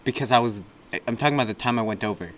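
A young man co-hosting a casual chat, teasing his friend in a deadpan way. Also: mid-range voice, rapid-fire, slight background noise. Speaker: co-host.

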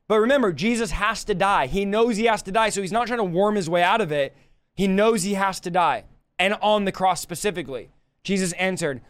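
A man giving a casual verse-by-verse Bible teaching, paraphrasing in colloquial, animated talk. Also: high voice, moderate pace. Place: livestream.

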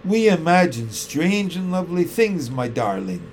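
A man doing a gentle storybook mother. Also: fairly high pitch, very animated, a little slow, slight background noise.

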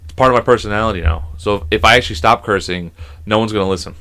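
A man in his thirties who hosts a podcast, telling stories in a lively, animated way and swearing a lot. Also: lowish voice, racing. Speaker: podcast host. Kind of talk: casual podcast chat.

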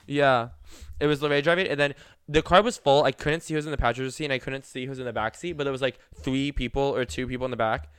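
A man's voice: mid-range voice, steady tone, quick pace, clean tone, no room sound, studio quality. A young man co-hosting a podcast, telling stories in chatty casual talk with lots of fillers. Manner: chatty storyteller, many fillers. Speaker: podcast co-host. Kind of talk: casual chat.

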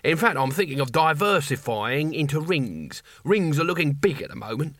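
A man voicing a slick, busy male genie who talks in breezy, drawn-out sales patter. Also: a little high, very animated, a bit bright, no echo, studio quality.

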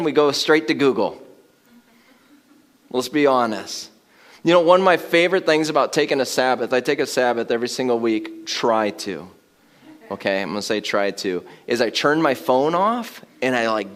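A man preaching a sermon in a casual, conversational way. He grows louder and more excited at times and laughs while he talks. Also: medium pitch, moderate pace. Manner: conversational, builds to loud excited emphasis with laughter. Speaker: pastor.

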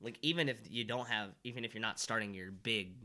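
Young male podcast co-host, bright tone, rambling casual sports talk. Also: on the low side, brisk. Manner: rambling, filler-heavy, restarts.

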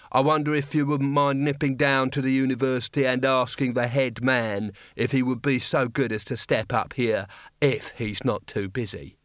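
A man voicing a gruff, scornful city guard captain who drawls his words slowly in an audiobook reading. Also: medium pitch, fairly bright tone, no echo, clean studio sound, natural voice.

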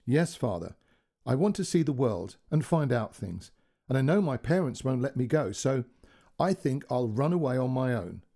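A restless, determined young boy, voiced by a man, speaking with solemn eagerness. The tone is mellow and a little husky, and the voice moves expressively. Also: mid-range voice, very animated, moderate pace. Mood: eager.

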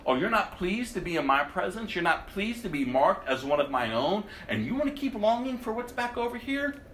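Male pastor, high voice, lively swooping pitch, sermon, loud-to-hushed swings, echoey room. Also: fairly quick, a little hiss or hum. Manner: reads scripture aloud then preaches with dramatic swings from loud to hushed.

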